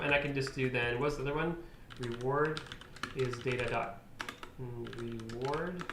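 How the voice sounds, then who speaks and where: A man streaming live as he codes, thinking aloud and muttering to himself, with sudden exasperated outbursts. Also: medium pitch. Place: room at a computer, keyboard clicks. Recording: echoey room, faint noise.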